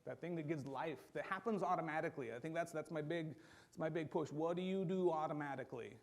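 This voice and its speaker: A man preaching in a church, his voice gravelly with a touch of fry and pitched a little high for a man. He delivers the sermon in a loose, conversational way, animated and fond of acting out little quotes. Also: fast talker. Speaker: pastor.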